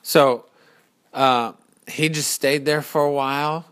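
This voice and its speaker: A man telling an improvised pirate adventure story in an unhurried, explanatory way. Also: on the high side, fairly even intonation, a bit bright, smooth.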